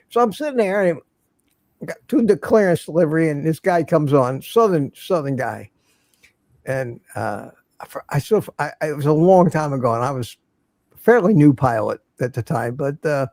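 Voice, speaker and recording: A man's voice: a little high, animated, normal speed, a little mellow, no echo. Older man chatting on a dry mic. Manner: rambling storyteller, laughs at his own stories. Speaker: livestream host. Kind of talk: casual chat.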